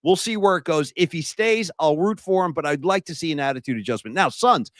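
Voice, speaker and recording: A man's voice: on the high side, fairly quick, dry recording, studio quality. A man co-hosting a podcast, telling stories and getting wound up about football in casual chat. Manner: animated storyteller, gets wound up. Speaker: podcast co-host. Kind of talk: casual sports and music chat.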